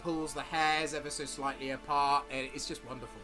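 A man's voice: fairly high pitch, flat delivery, fairly quick, over music. A man running a tabletop game as game master, narrating in a loose way with many fillers.

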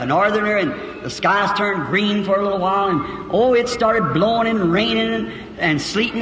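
High-voiced folksy preacher in an echoey hall. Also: male voice. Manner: folksy rural storyteller, swinging from hushed to shouting. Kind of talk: sermon storytelling. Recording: echoey hall with faint background hiss.

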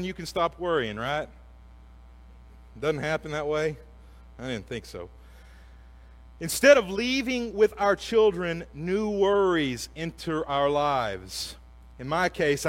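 A man in his forties preaching a sermon, earnest, with slow emphatic phrases that often drop to a soft hush. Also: a little high. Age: 40s.

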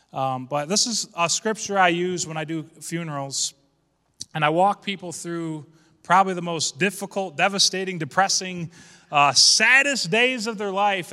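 A man's voice: on the high side, pushed and bright, in a large hall. A man preaching a sermon as pastor, casual and folksy, building to fervent calls to his congregation.

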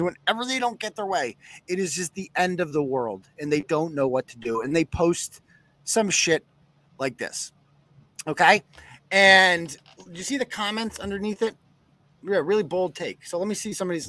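A man's voice: high-pitched, sharp tone, dry recording. A man hosting a live podcast, ranting sarcastically and cursing freely. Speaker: host.

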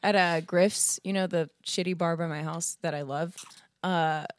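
A woman's voice: on the low side, steady tone, normal speed. A woman in casual comedy chat, giggly and playful as she jokes with friends.

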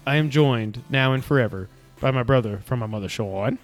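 A man's voice: mid-range voice, a little fast, soft background music. A man co-hosting a podcast, chatting casually and joking with his brother. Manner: upbeat, joking banter. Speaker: podcast co-host. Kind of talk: casual chat.

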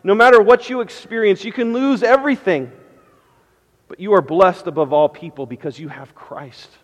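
A man preaching a sermon as pastor, impassioned, moving from loud declarations to hushed pleading. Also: sits high, moderate pace, in a large hall. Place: church sanctuary.

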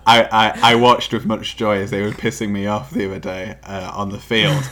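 A man's voice: fairly low pitch, fairly even intonation, moderate pace, a bit bright, slight background noise. A man co-hosting a podcast, bantering dryly and swearing often. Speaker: podcast co-host. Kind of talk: casual podcast chat.

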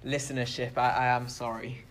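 A man's voice: medium pitch, flat delivery, moderate pace, a bit bright. A British man co-hosting a casual political podcast, chatty and self-deprecating with frequent restarts. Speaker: podcast co-host.

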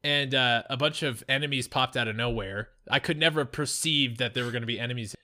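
Podcast guy, bright voice, chatty and animated, laughs a lot. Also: medium pitch, fast talker. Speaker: podcast co-host. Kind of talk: casual chat.

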